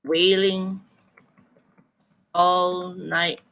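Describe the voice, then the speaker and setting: A man's voice: sits high, little pitch movement, extremely slow, vocal fry, bright, forceful tone, poor audio. A man teaching an online writing lesson, coaxing students, thinking aloud and repeating their chat answers back.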